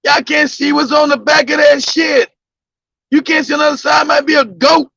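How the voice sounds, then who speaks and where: A man telling a crude story in loud, casual, profane talk, laughing and breaking into shouts. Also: very high-pitched, level tone, normal speed, dry recording. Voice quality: gravelly. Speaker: podcast host telling a story. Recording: dull lo-fi dry sound.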